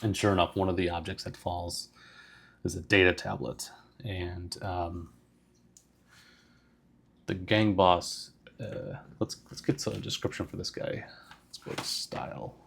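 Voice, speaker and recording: A man's voice: sits low, flat delivery, a little slow, creaky, pauses often, breathy edge. A man casually narrating a solo tabletop game, rambling with lots of fillers. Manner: casual, meandering, full of fillers.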